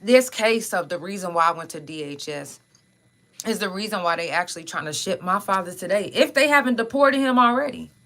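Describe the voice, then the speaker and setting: Bright, forceful woman telling her story. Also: mid-range voice, animated, a little fast, a little hiss or hum. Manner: raw, profane, conversational. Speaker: podcast host. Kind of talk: candid personal storytelling.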